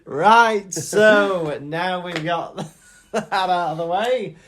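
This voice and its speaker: A jokey male podcast co-host chats casually and laughs mid-sentence. His voice sits a little high for a man. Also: very slow, a bit bright, slight background noise. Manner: jokey, chatty, laughs while talking. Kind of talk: casual chat.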